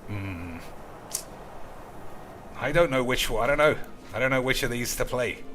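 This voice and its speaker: A man's voice: mid-range voice, expressive, unhurried, noisy background. A man giving casual, crude, rambling commentary while streaming a card game, swearing freely and calling his viewers boys.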